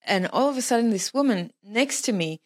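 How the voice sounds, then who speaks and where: A woman's voice: fairly high pitch, animated, brisk. A woman from Israel, a journalist chatting as a guest and telling stories, laughing easily. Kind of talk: casual conversation.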